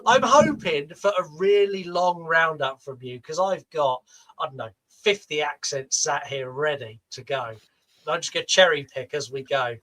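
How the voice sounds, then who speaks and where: A man's voice: a little high, lively intonation, normal speed, pushed and bright, poor audio. A man with a Southern British accent co-hosting a podcast, teasing and playfully pushy in casual banter. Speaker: podcast co-host.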